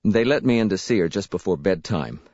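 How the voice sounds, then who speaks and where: Male narrator, low and expressive, unhurried first-person read; dry, slightly dull recording. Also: husky, no room sound. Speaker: audiobook narrator.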